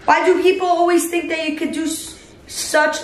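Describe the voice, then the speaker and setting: A woman vlogging in a casual, excited way, reading messages aloud and reacting with animated exclamations. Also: extremely high pitch, normal speed. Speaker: YouTuber. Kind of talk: excited casual vlog commentary. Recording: roomy echo with faint music.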